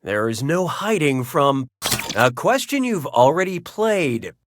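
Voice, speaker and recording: A man's voice: on the high side, very animated, slow, noisy background. A man voicing a wisecracking quiz show host who reads trivia questions with snarky, mocking punchlines. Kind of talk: scripted game show hosting.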